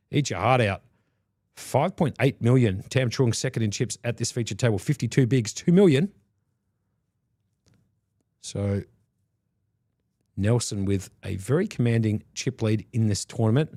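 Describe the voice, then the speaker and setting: A man, fairly low in pitch, gives jokey play-by-play on a live poker stream. He sounds close and dry, with no room around him. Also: darkish tone, dry recording. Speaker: poker commentator. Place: commentary booth.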